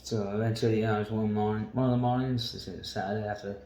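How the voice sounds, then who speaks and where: A man's voice: fairly low pitch, fairly even intonation, fast talker, dark tone, echoey room, rough recording. A man telling a long personal story in a waffling, casual monologue, swearing often and laughing between lines. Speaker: vlogger.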